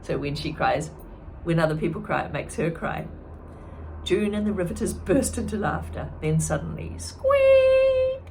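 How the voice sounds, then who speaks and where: A woman teacher reading a chapter book aloud expressively, pausing to comment to her listeners. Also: low voice, creaky, a little mellow, a little hiss or hum. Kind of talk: storybook read-aloud.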